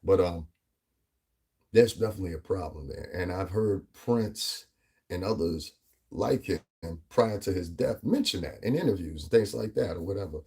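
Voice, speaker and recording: A man's voice: sits low, expressive, moderate pace, dark tone, slightly rough. A man from the New York tri-state area with a New York-area accent, talking in a rambling, emphatic commentary vlog and often asking "you know what I'm saying". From US Northeast tri-state area. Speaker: vlogger.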